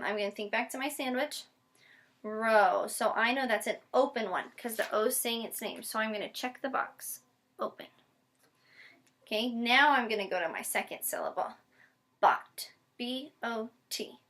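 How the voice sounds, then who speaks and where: A woman teacher giving a patient one-on-one phonics lesson, modeling each step slowly and spelling words out letter by letter. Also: on the high side, a bit bright. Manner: slow, deliberate modeling with frequent check-ins. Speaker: special education teacher.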